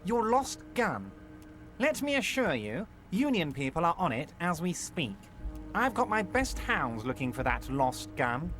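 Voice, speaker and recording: An actor voicing a large, smooth-talking male union boss in a game who reassures in an oily, falsely friendly way. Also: fairly high pitch, sing-song, a little slow, a bit bright, soft background music. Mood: oily reassuring. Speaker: game character voice.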